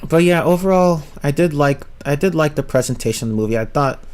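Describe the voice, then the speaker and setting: A man's voice: fairly high pitch, expressive, a little fast, a little mellow. Rambling young man reviewing films. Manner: rambling, restarts often, reads chat, swears casually. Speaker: livestream host reviewing films.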